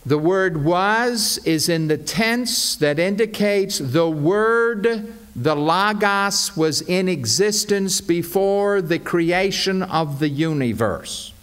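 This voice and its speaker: A man preaching a sermon as pastor, explaining scripture with emphatic, deliberate delivery. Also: high voice, lively intonation, fairly bright tone, smooth.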